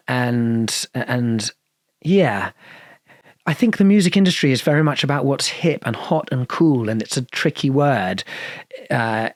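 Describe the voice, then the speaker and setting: A man's voice: mid-range voice, no echo. Man, posh English accent, interview guest, rambling storyteller, dry close sound. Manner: rambling, with many restarts and fillers. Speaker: guest musician.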